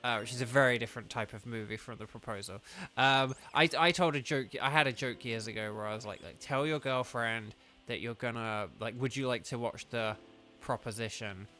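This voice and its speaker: A young man with a southern English accent chats loosely to his stream audience, drifting from point to point and packing his sentences with "like". His voice sounds bright and clear, at a medium pitch for a man. Faint music runs quietly underneath. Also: fairly even intonation, brisk. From southern England. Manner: rambling, chatty, heavy use of "like". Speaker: game streamer. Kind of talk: casual livestream chat.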